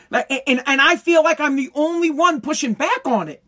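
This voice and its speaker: A man's voice: very high voice, normal speed, pushed and bright. Heated, profane man ranting on a podcast. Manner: heated, repetitive, profane, stumbling restarts. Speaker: podcast host. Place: home basement.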